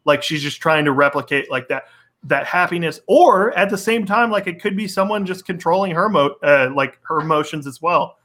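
A man hosting a casual chat, excitable and quick to laugh. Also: fairly high pitch. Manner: excitable, laughs often, quick fan talk.

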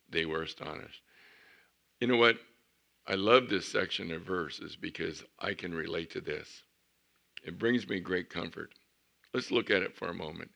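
A man's voice: sits low, moderate pace, creaky, long pauses, pushed and bright. A middle-aged man preaching a sermon as pastor, telling stories and building to emphatic points.

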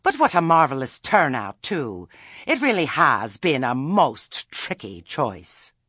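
A shrill, imperious witch who talks down to everyone around her, as a male narrator puts her on. Her voice jumps up high and loud, with a husky edge under it. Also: expressive, normal speed, no room sound, studio quality, full character voice. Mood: gushing. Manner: imperious, indignant. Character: shrill, haughty woman, a pompous witch.

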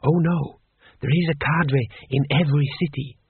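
A man's voice: on the high side, fairly even intonation, creaky, slightly rough, dry recording, full character voice. A man voicing an earnest, defiant young female rebel in a storybook reading. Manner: slow, defiant. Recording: tinny phone-like dry sound.

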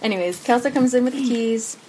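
A woman co-hosting a casual podcast, rambling and halting as she talks about a TV show, laughing often. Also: on the high side, warm tone, slight background noise, low-quality recording. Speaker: podcast co-host. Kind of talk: casual chat recap of a TV show.

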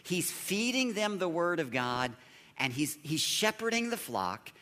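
A man preaching a sermon as a pastor, animated and joking as he acts out the people in the story he tells. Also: high-pitched, a little slow, in a large hall.

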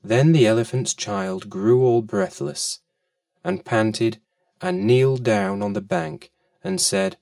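A man reads a children's storybook aloud, unhurried and fond, with a lively, rolling melody. His voice is gravelly, dry and a little off-mic. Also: medium pitch, dry recording, recorded from a distance. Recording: voice a bit off-mic.

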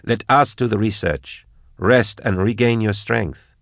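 A man doing a calm, firm woman companion. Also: fairly low pitch, measured pace, creaky, no room sound, studio quality, pitched above the performer's own voice. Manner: firm, reassuring.

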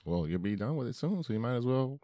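A man from New England chatting casually on a podcast, laid-back and quick to laugh. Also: medium pitch, animated, warm tone, no echo. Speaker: podcast co-host. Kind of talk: casual chat.

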